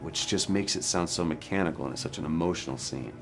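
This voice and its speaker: A man's voice: low-pitched, fast talker, gravelly, hardly any pauses. A male actor being interviewed, telling a story about a hard scene in an earnest, frank and wry way. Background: music.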